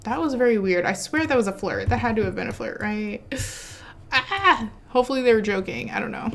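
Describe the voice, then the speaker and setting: A woman hosting her own gaming channel, chatting casually over gameplay in an excitable way and laughing often. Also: medium pitch, fast talker, creaky.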